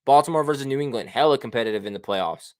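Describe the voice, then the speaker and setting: A man hosting a casual sports talk show, speaking at a middle pitch with a loose, slangy delivery full of "man" and "bruh". He is brash and excitable, and his voice is recorded dry and close. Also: quick pace, smooth, dry recording. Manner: slangy and profane, with frequent "man", "bruh" and "baby". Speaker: show host.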